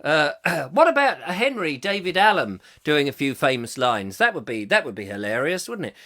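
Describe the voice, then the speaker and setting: A man's voice: a little high, sing-song, normal speed, pushed and bright. A middle-aged man hosting a comic live chat show, reading viewer comments aloud and rambling jokily between them. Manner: jokey and rambling, puts on silly voices.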